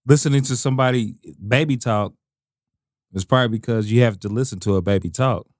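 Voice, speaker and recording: A laid-back man co-hosting a comedy podcast, tossing in short, dry remarks at a middling pitch. The recording is dry and close, with no room sound. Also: fairly quick, a little mellow, dry recording. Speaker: podcast co-host. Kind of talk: casual comedy chat.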